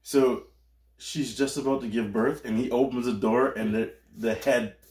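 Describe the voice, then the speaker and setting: A laid-back man with a medium-low voice, answering in short, dry lines as a podcast co-host. The recording carries a noticeable room echo. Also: fairly even intonation, normal speed, darkish tone. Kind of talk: casual chat.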